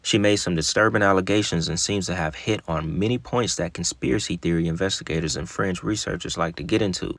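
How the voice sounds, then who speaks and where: A man's voice: low-pitched, brisk, hardly any pauses, fairly bright tone, dry recording. A man narrating a mystery case, reading an article aloud with casual asides. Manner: casual asides between read passages.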